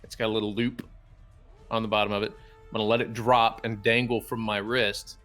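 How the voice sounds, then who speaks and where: A man's voice: on the low side, flat delivery, brisk, fairly bright tone, soft background music. A man playing in a tabletop game, eagerly describing his character's actions step by step. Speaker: player. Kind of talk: tabletop role-play.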